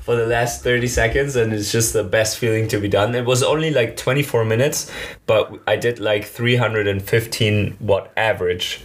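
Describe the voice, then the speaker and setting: A man's voice: fairly low pitch, normal speed, a little hiss or hum. A man co-hosting a casual podcast, eager and often laughing, with lots of "like". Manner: enthusiastic, laughs often, says "like". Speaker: podcast co-host.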